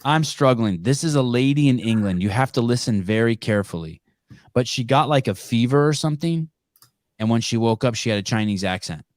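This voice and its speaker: A man's voice: medium pitch, expressive, brisk, no echo, clean studio sound. A man hosting a podcast in casual chat, blunt and swearing freely. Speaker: podcast host.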